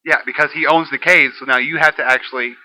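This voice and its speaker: A man's voice: on the high side, steady tone, fast, sharp tone, rough recording. A man co-hosting a podcast, arguing his point and explaining at length. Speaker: podcast co-host. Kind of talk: casual chat.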